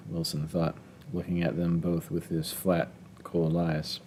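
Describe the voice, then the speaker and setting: A man narrating a literary short story in an even, measured reading. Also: low-pitched, slight background noise. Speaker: audiobook narrator. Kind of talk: scripted narration.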